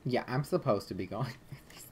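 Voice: medium pitch, a little fast, slight background noise. A let's play gamer giving casual gameplay commentary, swearing often and muttering irritably at the game.

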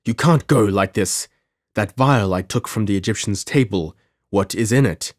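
An earnest gentleman who presses his point with urgency, read by a male audiobook narrator. His voice sits a touch raised and louder than the narration, close and dry. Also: lowish voice, moderate pace, dry recording, close to an everyday voice. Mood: urgent. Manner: urgent, insistent.

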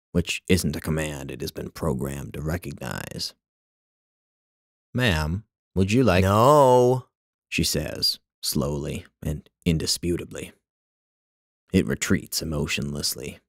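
A man narrating his own literary short story in a measured, wry way. His voice is extremely deep and gravelly with plenty of fry. The recording is close and completely dry, with no room sound at all. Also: no echo.

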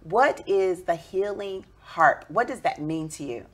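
A woman's voice: on the low side, lively intonation, measured pace, a bit bright. A woman co-host asking an interview guest questions in an encouraging, affirming way. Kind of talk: interview conversation.

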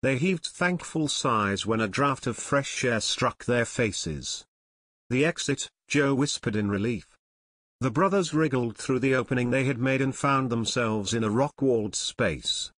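A man reading an adventure audiobook in expressive, scripted narration. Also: mid-range voice, measured pace, no echo.

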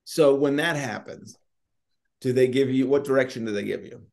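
A man's voice: mid-range voice, moderate pace, gravelly, darkish tone. An American man hosting a podcast, asking loose, rambling questions in a casual chat. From United States. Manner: easygoing, asks rambling questions. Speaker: podcast host.

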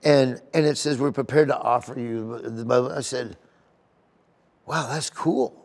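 Sitting for an interview at a golf tournament venue, a middle-aged comedian shares stories that ramble and turn emotional, with frequent restarts. His mid-range voice has a darkish tone and fairly even intonation, and he speaks at a normal speed.

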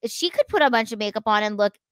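A woman in casual podcast chat, frank and opinionated, her voice pitched a little high. The sound is dry and close to the mic, with no room around it. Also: lively intonation, fast talker, fairly bright tone, clean tone, dry recording. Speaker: podcast co-host.

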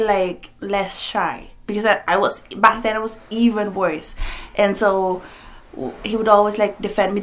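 A woman in her twenties chatting casually while eating on camera, giggling often between sentences. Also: mid-range voice. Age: 20s. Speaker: vlogger.

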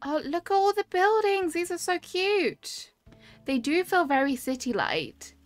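A woman's voice: very high voice, big pitch swings, unhurried. A woman live-streaming a game tour, chatting cheerfully and greeting her chat by name. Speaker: streamer touring game islands. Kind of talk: casual live-stream commentary. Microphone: webcam with desk mic. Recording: dry close mic, game music behind.

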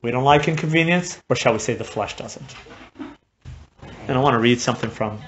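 A man's voice: medium pitch, brisk. Impassioned preacher, man, lo-fi recording. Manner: impassioned, swings from hushed to shouting. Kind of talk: sermon. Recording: dull lo-fi recording with faint noise.

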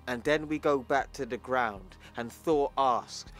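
A man narrates a comic book story in a plain, chatty, mid-pitched voice. Soft music plays quietly underneath. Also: a little slow, hardly any pauses.

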